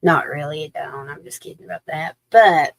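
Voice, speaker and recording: A woman's voice: deep voice, normal speed, gravelly. A woman doing a chatty live psychic reading, folksy and informal, sometimes dropping into a whisper. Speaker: psychic reader. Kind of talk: live-stream tarot reading chat.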